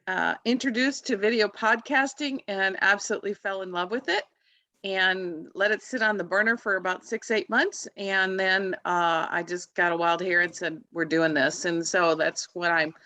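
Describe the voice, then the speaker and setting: A woman's voice: medium pitch, steady tone, normal speed, sharp tone, no echo. A woman in her sixties introducing her marketing business on a video call, earnest and a little hesitant. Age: 60s. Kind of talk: casual group video call.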